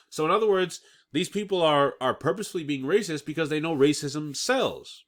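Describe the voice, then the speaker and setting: Slightly high-pitched and a little fast, this male channel host swings his pitch widely as he reads out news stories and weighs in forcefully. He often tosses in "okay?" and tends to trip over words, then laugh it off.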